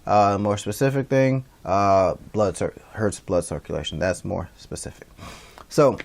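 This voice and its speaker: A man's voice: fairly low pitch, measured pace, vocal fry, a little mellow. A man teaching a casual class over a stream, rambling, with many fillers and restarts. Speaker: instructor. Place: livestreamed class.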